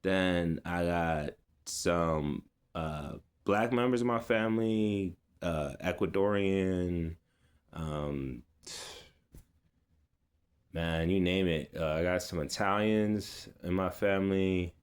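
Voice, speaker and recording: A man with a fairly low voice talks straight to his audience in a loose, casual vlog. He rambles with plenty of fillers and restarts and drops easy street slang as he goes. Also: takes it slowly, smooth. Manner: laid-back street slang. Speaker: vlogger. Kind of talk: casual personal storytelling.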